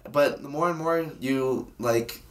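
A young man co-hosting a podcast, chatting about hockey in a teasing, sarcastic, rapid-fire way. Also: medium pitch. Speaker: podcast co-host. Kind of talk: casual sports banter.

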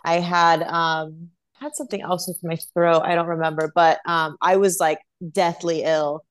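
A young adult woman, a professional dancer, telling stories in an animated, chatty way as an interview guest. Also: on the low side, normal speed, clean tone. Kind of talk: casual interview chat.

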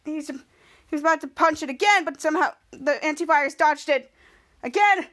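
A woman's voice: high voice, brisk, a bit bright. A woman podcast host recapping a TV episode casually and rambling, stringing scenes together with repeated "cut to.".

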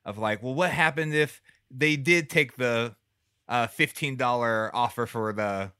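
A man co-hosting a casual movie podcast, animated and quick to laugh and exclaim. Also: mid-range voice, clear, resonant tone, no room sound, studio quality. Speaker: podcast co-host.

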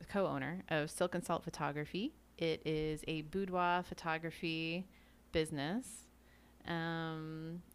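A young woman podcast co-host with a smooth, resonant voice that sits a little low. She talks in a playful, upbeat way and pokes fun at herself in casual conversation. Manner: upbeat, playful, self-deprecating humor. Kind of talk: casual chat.

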